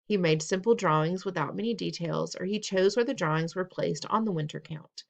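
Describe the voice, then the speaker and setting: The recording is muffled, and the woman's fairly low, gravelly voice moves fairly quickly. In this recorded test-prep lesson, she teaches reading test questions patiently and instructively, repeating steps, asking students questions, and teasing playfully.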